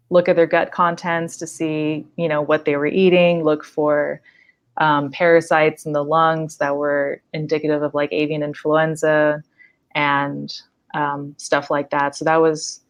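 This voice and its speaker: A young woman, a wildlife biologist guest, telling an animated story in a casual podcast chat, with lots of "like" and quick laughs. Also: low voice.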